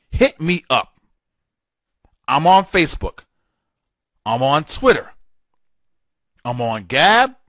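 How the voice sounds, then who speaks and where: Here the same kind of fiery political talk show monologue comes from a man whose fairly high voice sounds pushed and bright. He stammers, restarts and repeats himself for emphasis, recorded cleanly in a studio with no room sound.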